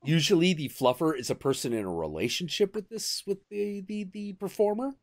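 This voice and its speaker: A man hosting a stream, chatting casually and telling crude, animated stories. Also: high voice, fairly quick, no echo. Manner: animated, crude storytelling with bursts of acted quotes. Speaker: stream host. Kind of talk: casual chat.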